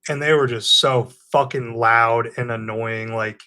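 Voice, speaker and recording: An animated man spins a rant on a podcast, cursing freely and leaning on dude and bro. His voice sits at an ordinary middle pitch. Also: measured pace. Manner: animated storytelling, heavy swearing, says "dude" and "bro". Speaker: podcast co-host. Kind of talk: casual chat.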